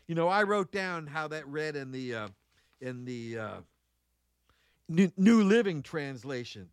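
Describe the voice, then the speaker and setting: A man's voice: on the high side, lively intonation, measured pace, clean tone, dry recording. A man preaching a sermon, reading Bible verses and breaking into folksy, conversational asides with exclamations, repeating key phrases for emphasis.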